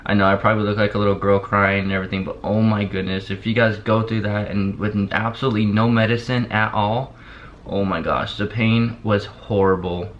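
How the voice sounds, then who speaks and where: A young man vlogs casually to the camera, drowsy on pain medicine and barely opening his mouth as he rambles with lots of "like" and repetition. His voice is lowish and flat, a little fast, and the lo-fi recording sounds dull with a faint hiss.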